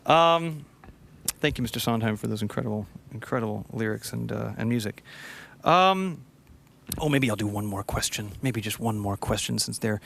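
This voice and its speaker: Man, singer, livestream host, casual chat between songs, enthusiastic, bright forceful tone. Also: lowish voice, expressive, normal speed, gravelly. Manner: chatty and enthusiastic, rambling asides. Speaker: singer hosting a livestream concert.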